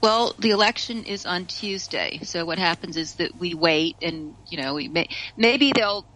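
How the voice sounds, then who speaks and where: A woman from the United States talks on a radio discussion show. Her voice is bright and fairly low-pitched. She chats loosely, with many restarts, and laughs often. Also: moderate pace, low-quality recording. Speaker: radio guest commentator.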